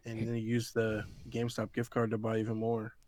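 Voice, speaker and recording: A man co-hosting a casual gaming podcast. He tells relaxed stories packed with fillers. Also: on the low side, fairly quick, no echo. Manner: relaxed storyteller, heavy with fillers. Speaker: podcast co-host. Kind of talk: casual chat.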